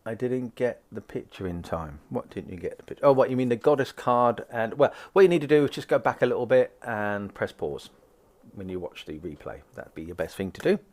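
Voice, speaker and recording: A man's voice: mid-range voice, big pitch swings, a little fast, a little mellow. A man doing a live tarot card reading, chatting upbeat with viewers and acting out little conversations. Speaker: psychic card reader.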